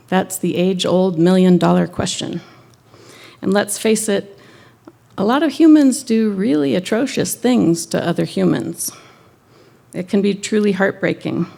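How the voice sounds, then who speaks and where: Woman minister doing a sermon, low voice, lots of vocal fry, chatty and a bit wry. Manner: conversational, gently wry.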